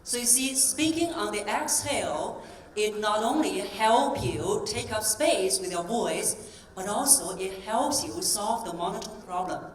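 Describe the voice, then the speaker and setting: A woman voice coach giving a live stage talk, coaching the audience through breathing exercises in a clear, encouraging tone. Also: mid-range voice, lively intonation, measured pace. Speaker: voice coach and keynote speaker. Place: convention hall stage. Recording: roomy hall sound from a distance.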